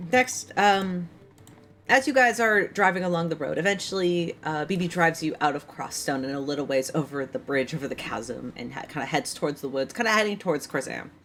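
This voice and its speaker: A woman's voice: deep voice, moderate pace, a bit bright, slight background noise. A woman with a tired, strained voice, narrating a tabletop game as game master, rambling with many ums and likes.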